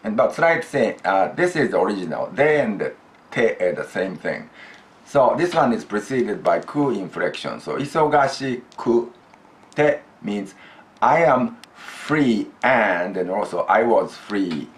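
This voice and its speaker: Guy teaching grammar, real slow, lots of ups and downs, low voice. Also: sing-song. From Japan. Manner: slow, deliberate explaining, prompts students to repeat. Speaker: language teacher. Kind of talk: classroom grammar lesson.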